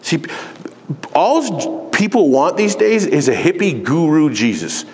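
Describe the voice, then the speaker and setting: Forceful preaching man in a reverberant hall. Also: fairly high pitch, big pitch swings, takes it slowly, slight background noise. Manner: forceful preaching with mocking quoted voices. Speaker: pastor. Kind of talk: sermon. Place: church sanctuary.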